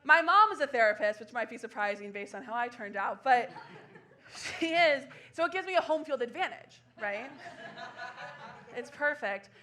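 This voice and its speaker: A stand-up comedian in her twenties does a solo show on a small theater stage, laughing through quick self-deprecating asides. Her voice is on the high side, pushed and bright, with lively intonation.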